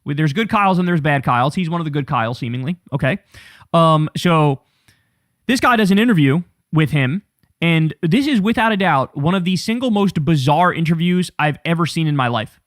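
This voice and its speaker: A man's voice: a little high, lively intonation, brisk, no echo, studio quality. A man hosting a political commentary show, ranting in a profane, sarcastic, fired-up way.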